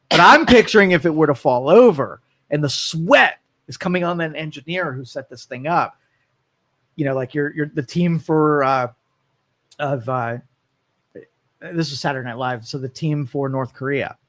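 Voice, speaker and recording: A man's voice: fairly high pitch, moderate pace. A man hosting a call-in talk show, talking casually and rambling through opinions and comic stories. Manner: rambling, animated storytelling. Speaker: radio talk show host.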